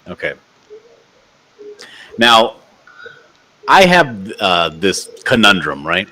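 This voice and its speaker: A man's voice: low voice, sing-song, very slow, sharp tone, low-quality recording. A man co-hosting a casual livestream, teasing and sardonic, with a mock-indignant streak. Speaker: co-host. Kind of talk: casual chat.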